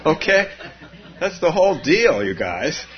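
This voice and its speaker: Chuckling male meditation teacher, lively. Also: a little high, measured pace, a little hiss or hum. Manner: rambling storytelling, frequent chuckles. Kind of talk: dharma talk on retreat. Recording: dull lo-fi recording.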